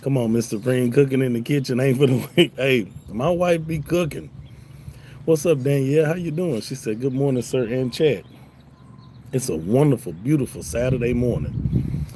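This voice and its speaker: A man's voice: mid-range voice, moderate pace, dark tone, a little hiss or hum. A man hosting a casual livestream, reading chat aloud in a loose, profane way and laughing often. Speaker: livestream host.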